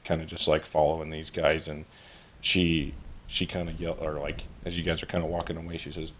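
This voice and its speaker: A man's voice: extremely low pitch, flat delivery, brisk, slight background noise. A man narrating a tabletop game as game master in a casual, rambling way.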